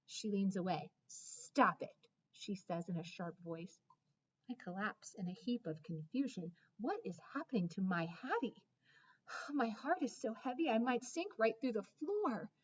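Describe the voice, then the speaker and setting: A woman narrating a children's story in the first person, expressive, with dramatic hushes and excited rises. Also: medium pitch, normal speed, breathy edge, highs cut off. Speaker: audiobook narrator.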